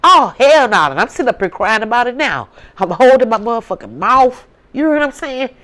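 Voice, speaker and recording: A woman's voice: fairly high pitch, a little fast. Blunt st. woman telling a story, voice swooping up and down a lot. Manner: blunt, animated, swears freely. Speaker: vlogger. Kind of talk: casual storytelling.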